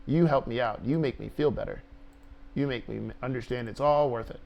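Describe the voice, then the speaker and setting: A man's voice: mid-range voice, brisk, gravelly, muffled recording. A man talking to himself while coding on a stream, laughing, swearing and cooing to his dog. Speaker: programmer streaming a coding speedrun. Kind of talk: casual self-talk while coding.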